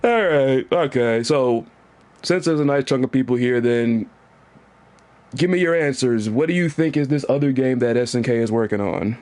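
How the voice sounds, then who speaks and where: A man streaming a fighting game, chatting to his viewers, laughing hard and teasing opponents with high, drawn-out catchphrases. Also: darkish tone. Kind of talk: casual gameplay commentary. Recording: game music behind. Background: fighting game music.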